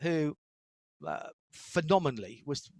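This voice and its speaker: A middle-aged man with a Northeast English accent, chatting in an interview as a guest, telling stories quickly with frequent restarts. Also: on the high side. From Northeast England. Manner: fast-talking, animated storyteller with frequent restarts. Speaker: guest, motorsport commentator. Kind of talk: casual interview conversation.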